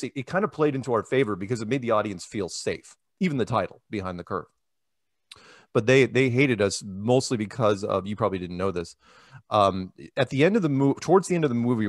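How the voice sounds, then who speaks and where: A man's voice: lowish voice, no echo, studio quality. A man from the United States, talking casually in an interview, rambling with many restarts and quoted asides. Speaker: interview guest.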